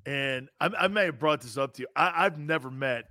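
Middle-aged male co-host, bright and forceful tone, slangy storyteller. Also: mid-range voice, brisk, dry recording, studio quality. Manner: animated storyteller, slangy, peppers talk with "man". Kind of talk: casual sports talk.

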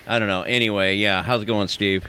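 A man's voice: on the low side, fairly even intonation, brisk, bright, forceful tone, slight background noise. A man hosting a casual podcast, joking around and laughing often. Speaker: podcast host.

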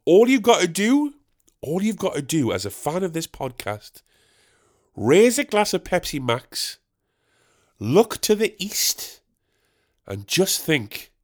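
A young man hosting a solo comedy podcast, goofy and animated, swearing freely as he rambles. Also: high-pitched, slow pace, pauses often. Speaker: podcast host.

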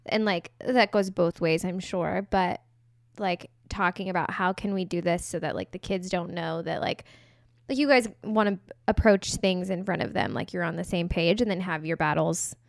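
A woman's voice: lowish voice, normal speed, creaky, no room sound, clean studio sound. A woman in her thirties co-hosting a podcast, giving relationship advice in a chatty, casual way full of fillers. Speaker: podcast co-host. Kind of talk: casual chat.

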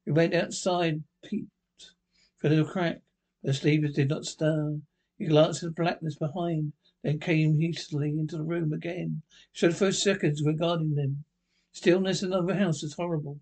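A man's voice: a little high, flat delivery, darkish tone. A man reading a ghost story aloud, stumbling over words and restarting lines as he goes. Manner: halting reading with misreads and restarts. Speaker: narrator.

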